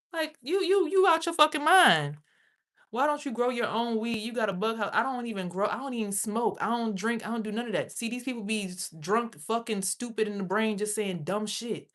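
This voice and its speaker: A woman's voice: fairly high pitch, fairly bright tone. A woman streamer in an angry, profane rant, speaking with a confrontational edge. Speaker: livestreamer.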